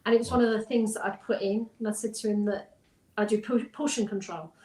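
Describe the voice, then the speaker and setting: A woman's voice: medium pitch, fairly even intonation, fast, mellow. A woman, a hypnotherapist, chatting casually in an interview and telling client stories with frequent ums and restarts. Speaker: hypnotherapist guest. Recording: roomy echo.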